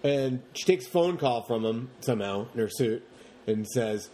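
A man co-hosting a podcast, chatting casually about movies in long, animated rants and mocking the characters as he goes. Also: medium pitch, moderate pace. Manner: rambling, animated rants with mocking put-on quotes. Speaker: podcast co-host.

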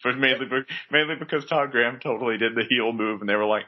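A man's voice: mid-range voice, fast, few pauses. A man hosting a podcast, chatting casually about sports in a joking, rambling way with many fillers. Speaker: podcast host. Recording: dull lo-fi podcast recording.

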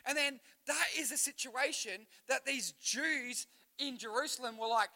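A young Australian man preaching a live youth sermon at church, energetic and conversational, often asking the crowd questions. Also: extremely high pitch, moderate pace. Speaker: youth pastor.

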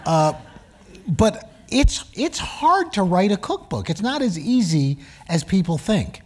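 A man interviewing a guest on stage before a live audience, trading teasing, wry jokes in a relaxed conversation. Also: high-pitched, slow pace. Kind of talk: casual onstage conversation.

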